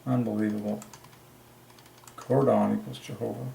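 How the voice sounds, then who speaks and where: A man's voice: lowish voice, flat delivery, normal speed, creaky, dark tone, a little hiss or hum. A man alone at his desk, working through letter counts and muttering to himself as he goes. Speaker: channel host. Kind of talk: solo religious word-number study. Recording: echoey room.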